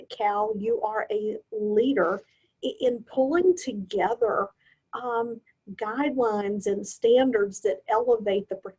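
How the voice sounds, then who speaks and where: A woman's voice: medium pitch, a little mellow, husky, rough recording. A woman guest on a podcast, speaking earnestly and with emphasis. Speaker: guest, nurse anesthetist and hypnosis instructor. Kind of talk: casual podcast chat.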